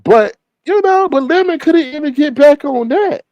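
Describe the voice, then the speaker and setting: A man's voice: very high voice, animated, normal speed, darkish tone, dry recording, muffled recording. A man hosting a livestream, chatting casually and gossiping in a sassy way while reading the chat. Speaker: livestream host.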